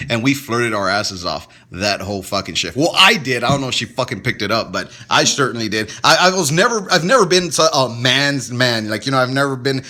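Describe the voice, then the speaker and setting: A man's voice: medium pitch, brisk, hardly any pauses. A man co-hosting a podcast, telling stories in casual, profane, laughing chat. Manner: profane, laughing, animated storyteller. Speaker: podcast co-host.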